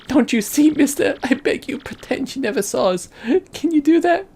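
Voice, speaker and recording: A shrill lovesick runaway. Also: female voice, animated, moderate pace, mellow. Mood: melodramatic. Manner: melodramatic, gushing. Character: dramatic young runaway woman, lovesick, theatrical.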